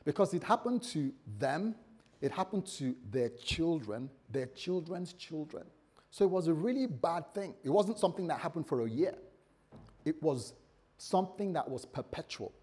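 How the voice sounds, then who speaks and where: A man's voice: fairly high pitch, very animated, normal speed, warm tone, husky. A man preaching a sermon in a conversational way, quizzing his listeners and acting out scenarios for them.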